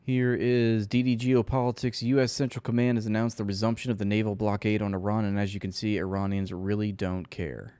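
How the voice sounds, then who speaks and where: A man's voice: lowish voice, level tone, fairly quick, few pauses, dark tone, clean tone, no echo. A man hosting a livestream, giving casual, sarcastic political commentary. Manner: sarcastic, conversational. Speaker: livestream host.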